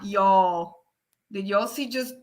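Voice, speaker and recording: Bubbly lady on a livestream, high bright voice, laughs a lot, talks slow. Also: slight background noise. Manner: giggly, laughs often, excitable. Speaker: livestream host. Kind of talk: casual livestream chat reading viewer comments.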